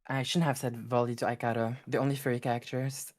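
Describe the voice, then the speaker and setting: A woman's voice: rumbling low, level tone, quick pace, a little mellow. A woman with a French accent co-commentating a tournament in casual, teasing chat, often hesitating mid-sentence. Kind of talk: casual live-stream chat.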